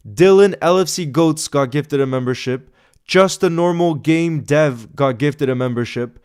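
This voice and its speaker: A young man hosting a football live stream, reading out viewer messages and giving excitable shout-outs. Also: a little high, moderate pace, clear, resonant tone.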